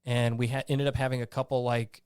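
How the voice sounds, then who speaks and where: A man's voice: mid-range voice, fairly quick, clear, resonant tone, dry recording, clean studio sound. Blunt male army veteran telling stories. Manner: animated storyteller who acts out his own past lines; blunt, salty. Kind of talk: casual interview storytelling.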